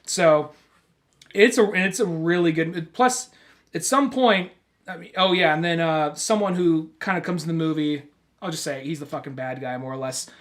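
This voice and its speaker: A man's voice: on the high side, normal speed. A man co-hosting a podcast in casual chat, rambling and swearing as he recounts a movie. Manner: rambling, profane, acts out quoted lines loudly. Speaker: podcast co-host.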